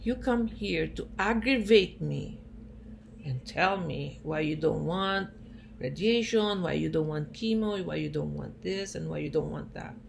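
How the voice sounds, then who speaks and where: A woman's voice: deep voice, expressive, a little slow, vocal fry, heavily acted. A woman, voicing an irritated, lecturing older male doctor. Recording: noisy recording.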